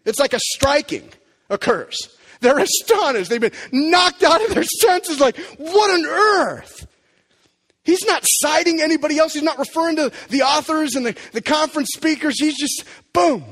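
A man preaching a sermon as pastor, emphatic and animated, sometimes dropping to a quiet, low delivery. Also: normal speed. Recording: long hall reverb.

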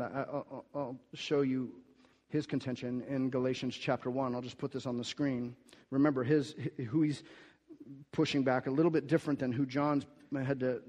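A man preaching a sermon as pastor, emphatic and rising in force when he quotes scripture, often restarting and repeating words. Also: mid-range voice. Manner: emphatic, rises and gets louder when quoting scripture. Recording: long hall reverb.

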